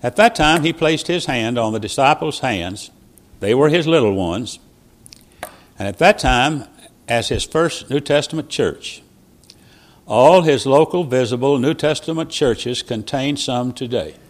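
A man preaching a sermon as a traveling preacher, telling stories with quoted dialogue and sudden loud rises and soft drops. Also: medium pitch, expressive, a little slow.

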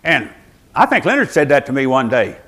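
A man's voice: mid-range voice, sing-song, brisk, fairly bright tone. A man, preaching a sermon to his church while seated, with folksy asides to the congregation. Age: 80s. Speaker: pastor.

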